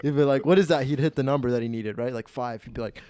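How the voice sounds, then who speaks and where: A young man hosting a podcast, telling a story in an animated, profane, casual way with many restarts. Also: medium pitch, quick pace, clean tone, no room sound, studio quality. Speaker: host. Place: podcast studio.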